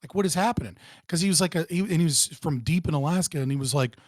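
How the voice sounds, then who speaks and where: A man with a fairly high voice argues politics in a casual conversation, swearing freely and tripping over restarts. His voice is dry and close, with no room sound. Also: fast, no echo. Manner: animated and profane, restarts often. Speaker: guest.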